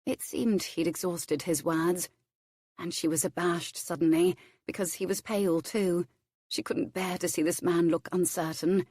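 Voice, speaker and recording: Woman narrator for a romance audiobook, lowish voice, measured, dry studio sound. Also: fairly even intonation, darkish tone, dry recording.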